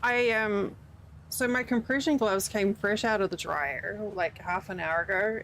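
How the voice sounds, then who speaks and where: A woman's voice: medium pitch, unhurried, a bit bright, slight background noise. A tired woman streaming a game, rambling casually to chat as she yawns. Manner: rambling, chatty, yawning.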